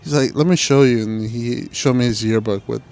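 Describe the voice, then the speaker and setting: Profane young man telling animated stories. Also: mid-range voice, normal speed, vocal fry. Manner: profane, animated storytelling with acted-out quotes. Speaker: podcast co-host. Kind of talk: casual chat.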